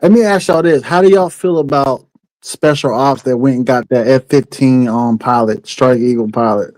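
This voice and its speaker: A man's voice: mid-range voice, moderate pace, a little mellow, no room sound, low-quality recording. Easygoing man chatting on a stream. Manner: slangy, easygoing. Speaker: livestream guest. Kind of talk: casual livestream chat.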